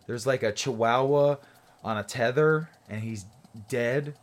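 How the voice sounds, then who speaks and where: A man's voice: mid-range voice, measured pace. A young man riffing through an improvised comedy bit, rambling and profane, constantly checking in with "right?".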